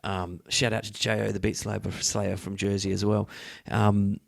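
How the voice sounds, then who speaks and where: Creaky-voiced Australian man hosting. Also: on the low side, level tone, moderate pace. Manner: rambling, many fillers and restarts, swears freely. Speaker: podcast host. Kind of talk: casual chat.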